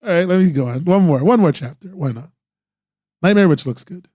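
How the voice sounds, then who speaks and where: A man talks through webcomics in an easy, rambling stream style, peppering every thought with "like" and starting sentences over. His voice sits a little high but has a warm, mellow tone. The sound is dry and close, with no room around it. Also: animated, fairly quick, no room sound. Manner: rambling, full of "like" and restarts, eager praise. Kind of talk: casual live-stream commentary.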